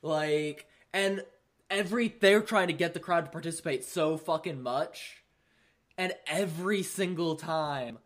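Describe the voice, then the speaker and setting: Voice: medium pitch, a little slow. Laid-back, foul-mouthed podcast storyteller. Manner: profane, laughing, animated storyteller. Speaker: podcast host. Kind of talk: casual storytelling chat.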